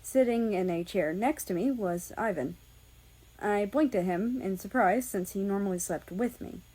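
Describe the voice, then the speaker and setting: A woman reading a first-person fan fiction story aloud, calm and measured. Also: mid-range voice, slightly rough, low-quality recording. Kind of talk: first-person audiobook narration.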